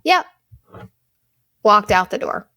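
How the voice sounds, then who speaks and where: A woman in her thirties hosting a podcast, telling a story in a blunt, profane, fast-moving monologue. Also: medium pitch, big pitch swings, bright, forceful tone. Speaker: podcast host. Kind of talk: casual venting monologue.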